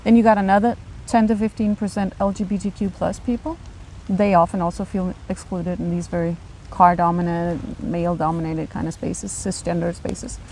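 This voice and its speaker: A woman in her forties from Denmark, speaking with a Danish accent as an architect and urban planner in a casual podcast conversation, emphatic and quick to laugh. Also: on the low side, slight background noise, low-quality recording. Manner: animated, emphatic, laughs often.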